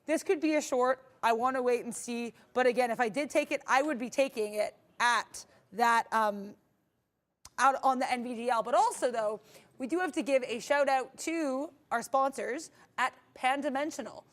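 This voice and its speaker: A woman with a somewhat high voice chats through her live trades in an upbeat, loose way. She restarts sentences often and fills gaps with "um" and "like." The tone is friendly, casual stream talk. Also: moderate pace. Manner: upbeat, rambling, many fillers and restarts. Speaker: day-trading stream co-host. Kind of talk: live trading commentary.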